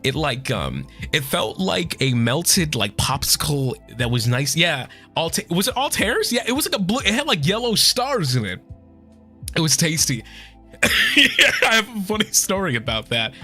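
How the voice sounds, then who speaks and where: Young man, streamer, teary, curses often, bright voice, faint music behind. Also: a little high, sing-song, normal speed. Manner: emotional, swears a lot, thanks fans. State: tearful. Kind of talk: casual chat with viewers.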